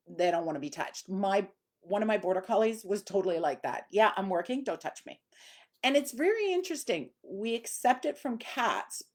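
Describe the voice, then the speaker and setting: Middle-aged woman dog trainer, casual live-stream talk, chatty with ums, average pitch. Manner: chatty, conversational, many fillers.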